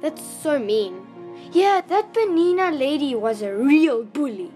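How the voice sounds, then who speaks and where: A woman plays a curious young girl listening to a story, asking eager questions in a very high, bouncing voice. Soft music plays underneath. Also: lively intonation, a little slow.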